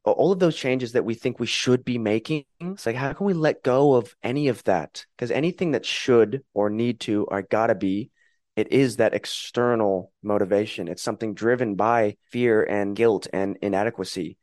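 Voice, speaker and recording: Man, reflective podcast guest; low, steady voice, dry close sound. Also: moderate pace, dry recording. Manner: calm, earnest, acts out inner voices. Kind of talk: reflective conversation.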